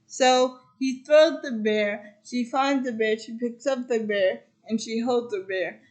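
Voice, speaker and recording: A woman's voice: fairly high pitch, slow, darkish tone. A woman casually retelling a movie plot, rambling and stringing events together with repeated "and then". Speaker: host.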